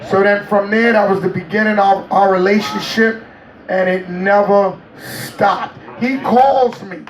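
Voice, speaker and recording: A man telling a story in an interview, animated and laughing often as he acts out what people said. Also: high-pitched, a little slow, reverberant, far from the mic, poor audio. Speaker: interview guest.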